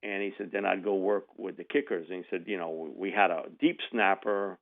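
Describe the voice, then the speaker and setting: Heard over a tinny phone connection, a low-voiced man talks fairly quickly while guesting on a radio show. He recounts a sports anecdote with animation, doing the voices of its characters and laughing.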